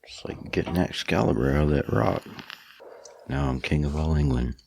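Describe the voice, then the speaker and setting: A man co-hosting a podcast, cracking deadpan teasing jokes in casual chat. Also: rumbling low, normal speed, gravelly. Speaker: podcast co-host. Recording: loud background noise.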